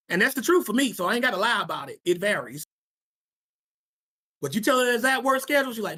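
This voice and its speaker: Leading a Sabbath class for youth, a man preaches casually in a slangy, forceful style, restating his points for emphasis. His high voice swings widely in pitch, moves quickly with frequent pauses, and sounds strained and bright.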